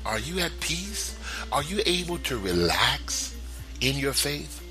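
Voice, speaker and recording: A man hosting a spiritual broadcast, talking straight to listeners in a lively, chuckling way. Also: medium pitch, slow, soft background music. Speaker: spiritual talk show host. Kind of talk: inspirational radio talk.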